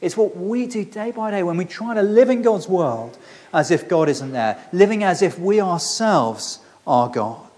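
Earnest preacher, high voice. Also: male voice, lively intonation, unhurried, a little mellow. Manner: earnest and conversational, with frequent restarts. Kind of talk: sermon.

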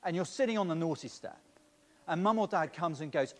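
Male pastor, somewhat high-pitched, preaching in a church with long reverb, stop-start repetitions. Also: lively intonation, brisk. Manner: repeats words at the start of phrases; speaks directly to the children. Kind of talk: sermon.

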